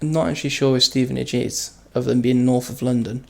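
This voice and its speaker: A man's voice: medium pitch, steady tone, fast, vocal fry, a little mellow, low-quality recording. A man chatting casually while playing a train simulator, rambling through stories and laughing at himself. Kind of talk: casual gameplay commentary and storytelling. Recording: game noise behind the voice. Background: train simulator engine and rail sounds.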